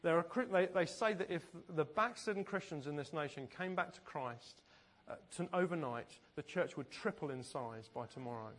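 A man's voice: fairly high pitch, moderate pace, fairly bright tone. Storytelling male pastor. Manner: storytelling, conversational, often laughing. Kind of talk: sermon.

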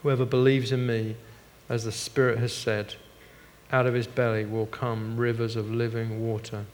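A middle-aged man preaching a sermon as pastor, moving between hushed, earnest passages and animated, laughing stories. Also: mid-range voice, normal speed. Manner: animated storytelling with laughs and shifts from hushed to loud. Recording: long hall reverb.

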